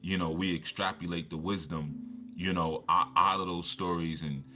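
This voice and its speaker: A man's voice: low voice, steady tone, moderate pace, over music. A man, a motivational speaker, telling personal stories in a loose, rambling way, with lots of restarts and repeated fillers. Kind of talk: casual storytelling talk.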